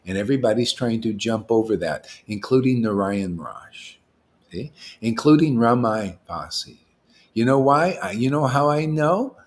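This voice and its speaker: Guy preaching casually to devotees, super lively up-and-down voice, keeps repeating himself, pushy and emphatic. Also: mid-range voice, moderate pace. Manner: animated, emphatic, challenging, colloquial. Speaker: spiritual teacher. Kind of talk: informal sermon to devotees.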